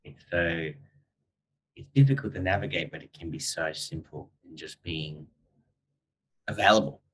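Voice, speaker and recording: A man hosting a podcast interview, reflective and trailing off softly. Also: deep voice, moderate pace, breathy edge, low-quality recording. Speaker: podcast host. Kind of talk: casual interview.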